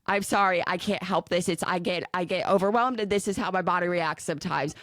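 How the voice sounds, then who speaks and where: Giggly chatty mom on a podcast. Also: female voice, fairly low pitch, a little fast, a bit bright, no room sound, studio quality. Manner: chatty, giggly, self-deprecating storyteller. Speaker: podcast co-host. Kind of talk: casual chat.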